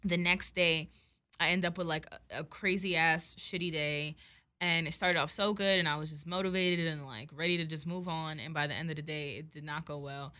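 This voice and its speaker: A young woman telling a story in casual chat, animated and profane, acting out both sides of the dialogue. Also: low voice, normal speed.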